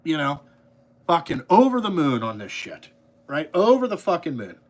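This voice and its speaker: A man's voice: fairly high pitch, very animated, moderate pace, darkish tone. A man ranting angrily into his podcast mic, swearing constantly and rambling with repeated fillers. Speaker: podcast host, trucking business owner. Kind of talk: profane ranting monologue.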